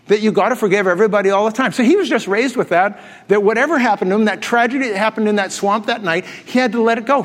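High-voiced pastor preaching in a hall. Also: male voice. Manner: storytelling, joking and laughing with the congregation. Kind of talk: sermon. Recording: long hall reverb.

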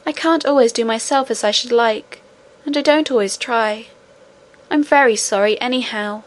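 A woman's voice: on the high side, natural voice. Woman voicing an eager little princess. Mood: tearful. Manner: eager, affectionate, quick and earnest.

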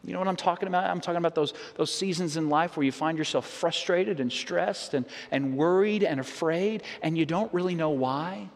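A man with a slightly high voice preaches a sermon in an earnest, conversational way. He often restarts phrases and turns to rhetorical questions. His voice carries a long reverb, as in a large church sanctuary. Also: brisk, vocal fry, hardly any pauses. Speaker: pastor.

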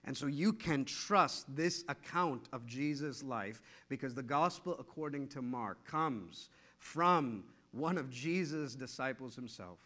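A middle-aged male pastor preaching a sermon with animated, repetitive storytelling. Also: medium pitch.

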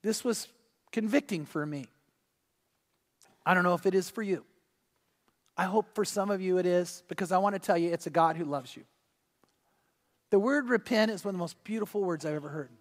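An older man, a grandfather and pastor, preaching a sermon with earnest storytelling that drops soft and quiet in personal moments. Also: high voice, normal speed, pauses often, soft background music.

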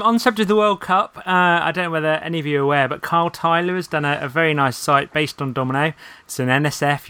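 A man hosting a podcast panel who moves the talk along briskly from topic to topic. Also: medium pitch, a bit bright, smooth, no room sound. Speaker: podcast host.

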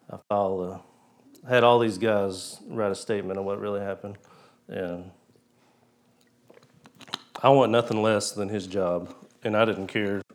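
A man preaching, telling a personal story in a folksy way and acting out the dialogue. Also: fairly low pitch.

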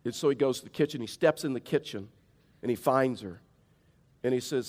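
A man's voice: medium pitch, fairly quick, pauses often, darkish tone. Man, storytelling pastor. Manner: conversational storytelling, plain-spoken. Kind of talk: sermon.

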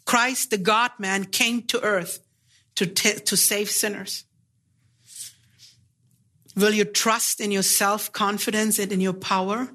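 A man preaching a sermon, earnest and deliberate, pressing his listeners with pleading rhetorical questions. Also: sits high, fairly even intonation, bright, forceful tone.

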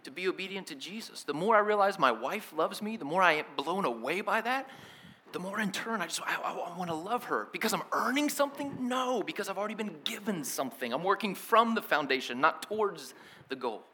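A male pastor delivers a sermon, retelling the story with casual slang and lively energy. His voice sits a little high, with a bright, forceful edge. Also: a little fast, slight background noise.

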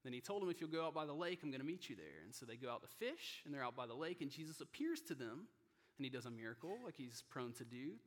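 A pastor preaching a sermon in an earnest, personal way, growing emotional and sinking to a hushed near-whisper at tender moments. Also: male voice, mid-range voice, sing-song, fast talker, in a large hall. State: emotional, choking up. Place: church sanctuary.

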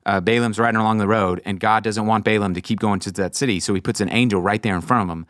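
A man hosting a casual faith podcast, animatedly telling stories and acting out quotes in high voices. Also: fairly even intonation, fast, fairly bright tone, no room sound, clean studio sound. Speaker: podcast host. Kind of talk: casual chat about faith.

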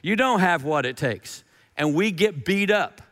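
Brief: middle-aged man, pastor, folksy and emphatic, voice sits a bit high. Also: animated, unhurried, a bit bright, big-room sound. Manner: folksy, emphatic, repeats key phrases. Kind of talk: sermon.

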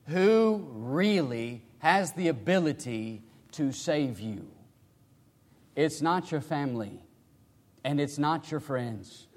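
Male preacher, high voice, dynamic delivery from quiet to shouting, big reverberant hall. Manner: swings from hushed to loud emphatic cries. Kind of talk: sermon.

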